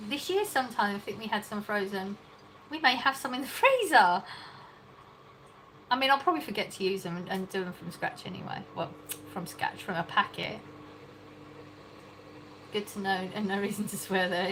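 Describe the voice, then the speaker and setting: An English woman talks her way through a casual livestream, reading viewers' comments aloud and answering them in a bright, slightly high voice. She laughs often and keeps things loose as she chats from her home kitchen, with faint noise behind her. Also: moderate pace, low-quality recording. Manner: chatty, reads chat aloud, laughs often. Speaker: livestream host.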